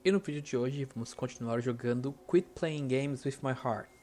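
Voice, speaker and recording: A man's voice: mid-range voice, fairly quick, dark tone. A man hosting a gaming channel, giving casual, upbeat let's-play commentary.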